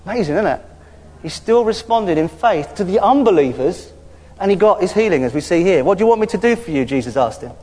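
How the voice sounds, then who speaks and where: A man preaching a conversational sermon, lively and informal, punctuated with hallelujahs. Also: high-pitched. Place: church hall. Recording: hall reverb.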